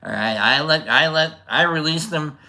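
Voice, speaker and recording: Male stream host, bright and slightly high voice, loose rambling anecdotes. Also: moderate pace. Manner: animated, rambling with restarts. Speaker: livestream host. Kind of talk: casual storytelling to chat.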